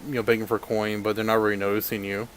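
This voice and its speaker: A young man running a tabletop game as game master, narrating in a loose, relaxed way with many fillers. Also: lowish voice, fast talker, a little hiss or hum.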